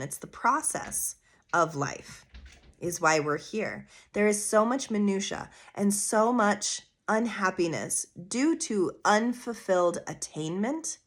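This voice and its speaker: A woman hosting her own astrology podcast, talking in an earnest, coaching way with casual asides and rhetorical questions. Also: lowish voice. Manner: casual with fillers like "vibe" and "you know". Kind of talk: solo podcast monologue.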